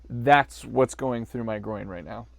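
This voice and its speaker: A man's voice: mid-range voice, measured pace, gravelly, no echo. A man co-hosting a podcast, riffing on a movie in jokey, rambling banter and laughing often. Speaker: podcast co-host.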